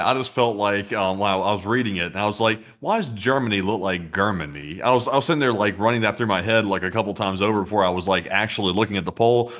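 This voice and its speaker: A man co-hosting a casual news commentary show, reading out poll results and giving his view. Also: on the low side. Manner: relaxed, chatty, reads poll results. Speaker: co-host.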